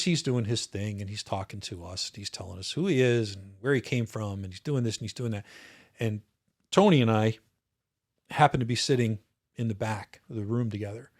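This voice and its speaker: A retired officer in his fifties appears as a guest on a podcast, telling stories in a relaxed interview. His voice is at an ordinary middle pitch for a man, and he reflects earnestly and thoughtfully, often stopping and restarting his phrases.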